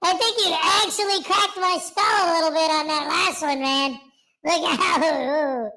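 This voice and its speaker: A man's voice: very high voice, a little slow, pushed and bright, pitched above the performer's own voice, full character voice. A man voicing a hungover young male puppet character who yelps and whines but stays good-natured. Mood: whiny. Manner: whiny, yelping, good-natured.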